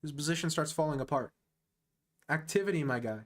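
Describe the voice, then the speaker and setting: Excitable man giving slangy chess commentary. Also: a little high, brisk. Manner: excitable, slangy, talks straight to the player. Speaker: chess streamer. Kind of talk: casual live chess commentary.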